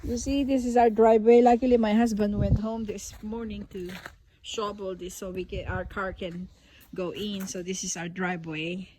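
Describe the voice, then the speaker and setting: A woman filming outdoors in deep snow on her phone, talking slowly and haltingly, then laughing and gushing at her dogs. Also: steady tone, noisy background. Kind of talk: casual home video narration.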